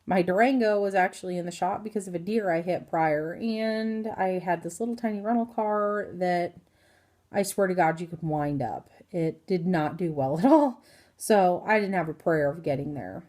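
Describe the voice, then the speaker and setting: A woman's voice: on the low side, moderate pace, darkish tone. A woman in her thirties from Indiana giving a rambling, casual health update to her phone camera, full of ums and self-corrections. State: hiccups. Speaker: vlogger.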